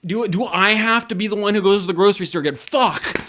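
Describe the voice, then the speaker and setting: A man voicing an irritable adult man who loudly snaps at his housemates, exasperated and swearing. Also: high voice, fairly quick, lightly acted.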